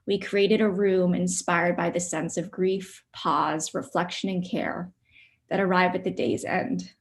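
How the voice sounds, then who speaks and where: A woman artist presenting her work on a video call, soft-spoken and reflective, with frequent ums. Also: fairly low pitch, level tone, a little slow. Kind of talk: virtual studio visit presentation.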